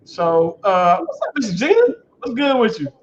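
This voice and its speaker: High-voiced guy running a chill livestream, aave, shouting out viewers, muffled lo-fi stream sound. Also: wildly swooping pitch, unhurried, slight background noise. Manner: loose, laughing, greets viewers by name. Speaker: livestream host. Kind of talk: casual livestream chat. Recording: dull lo-fi stream audio.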